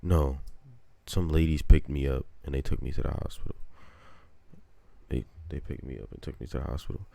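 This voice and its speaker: A man's voice: very deep voice, a little fast, gravelly, warm tone, no echo. A young man telling stories in casual podcast chat, slangy and profane, often quoting himself. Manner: slangy, profane storytelling with quoted asides. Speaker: podcast co-host.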